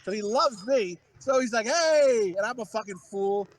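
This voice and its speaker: A podcast co-host with a high-sitting voice talks a little fast over crowd noise. In casual chat he tells rambling, profane stories packed with fillers and restarts.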